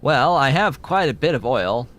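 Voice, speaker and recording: Speaking at a normal speed with an animated, fairly bright tone, a male streamer chats his way through a game, wandering from thought to thought. He breaks off to talk to his cat in a squeaky baby voice while soft music runs behind him.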